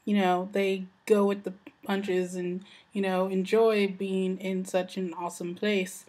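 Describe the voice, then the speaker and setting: Young american woman rambling on her vlog, says like a lot. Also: lowish voice. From United States. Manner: chatty, peppered with "like" and "you know". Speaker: vlogger. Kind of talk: casual vlog chat.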